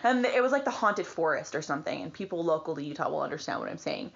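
A woman hosting a podcast in casual chat, reading out a listener's story, animated and swearing casually. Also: sits low, fast, gravelly, highs cut off. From Britain. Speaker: podcast host.

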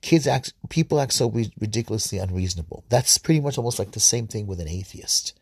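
A man with a low, husky voice preaches in an earnest, informal way, circling back over his words and restarting phrases. The sound is close and dry, with no room around it. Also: animated, a little mellow, no echo. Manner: earnest, repetitive, halting with many restarts. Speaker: podcast preacher. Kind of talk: informal spoken reflection and prayer.

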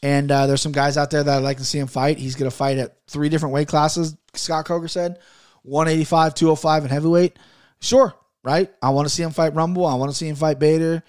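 A man's voice: fairly high pitch, little pitch movement, fairly quick, a little mellow, clear, resonant tone. A man hosting a solo podcast, talking bluntly and rambling with lots of swearing and restarts, and getting fired up as he pushes his listeners. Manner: gets fired up, pushing listeners hard. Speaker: podcast host.

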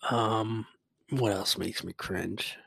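A man's voice: fairly low pitch, fairly even intonation, slow, gravelly, a bit bright, slightly rough, dry recording, studio quality. Man ranting casually, swearing a lot. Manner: rambling, heavy swearing, self-mocking grumpiness. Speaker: podcast host. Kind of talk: casual solo rant.

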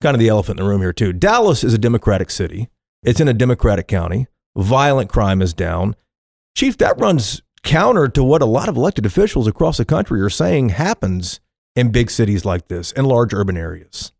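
A man interviews a guest on a podcast. His voice is low-pitched and recorded dry and close. He talks conversationally, with fillers and small restarts. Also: big pitch swings, a little fast, vocal fry, a little mellow, dry recording. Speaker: podcast host.

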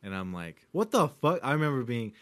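A man's voice: mid-range voice, sing-song, brisk, fairly bright tone. A man in casual, profane chat, laid-back and reminiscing about a movie.

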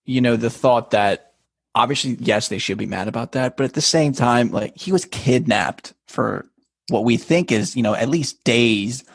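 A man's voice: mid-range voice, normal speed, creaky, slightly rough, no room sound, clean studio sound. A man co-hosting a podcast, casually recapping a show, swearing freely. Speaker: podcast co-host.

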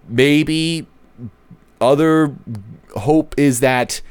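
A man's voice: medium pitch, a little mellow, clear, resonant tone, dry recording. A man giving a casual solo talk as a baseball fan commentator, rambling, correcting himself and joking wryly. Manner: rambling, self-correcting, wry. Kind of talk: casual solo sports podcast.

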